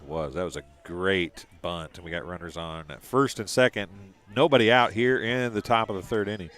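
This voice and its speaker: A man doing casual live play-by-play commentary, chatty and quick to laugh between calls. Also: sits low, steady tone, fairly bright tone.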